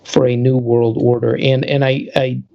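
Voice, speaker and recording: A man's voice: medium pitch, little pitch movement, normal speed, vocal fry, warm tone, lo-fi sound. A man co-hosting a podcast, introducing a guest in a talkative way with many restarts. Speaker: podcast co-host. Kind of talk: casual podcast chat.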